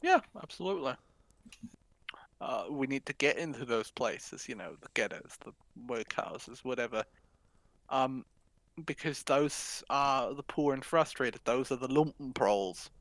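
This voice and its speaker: A man's voice: medium pitch, animated, a little slow, fairly bright tone, no echo, low-quality recording. A man co-hosting a political podcast, talking casually in an offhand, sweary manner. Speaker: podcast co-host.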